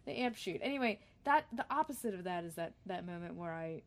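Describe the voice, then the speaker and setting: A woman's voice: lowish voice, lively intonation, a little fast. Chatty self-deprecating woman musician. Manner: chatty, self-deprecating, sings short jingles. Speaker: singer-songwriter guest. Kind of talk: casual chat.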